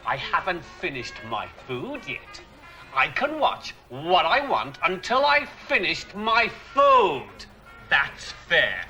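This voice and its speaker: Lively, high English man, politely indignant. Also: slow, soft background music. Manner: polite but indignant, stammering. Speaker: comedian. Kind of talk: mockumentary comedy scene.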